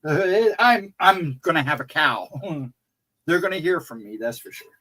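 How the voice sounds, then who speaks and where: A man's voice: on the high side, sing-song, unhurried, pushed and bright, slight background noise. A man co-hosting a livestream, chatting casually with a rambling, laughing manner. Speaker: co-host.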